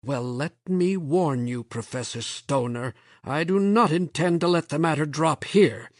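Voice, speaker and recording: Guy playing an angry prof, shouty, voice pushed up high, dry sound. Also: unhurried, no room sound, close to an everyday voice. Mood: cold. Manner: hot-tempered, shouting, icy when still. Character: angry limping male professor, combative.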